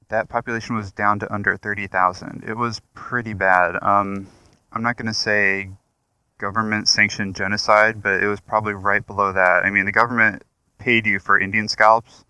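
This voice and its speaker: A man's voice: lowish voice, bright, forceful tone, clean tone, dry recording. A man riding a motorcycle, chatting casually about history through a helmet mic, loose and offhand with asides. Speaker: motovlogger. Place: on a motorcycle outdoors.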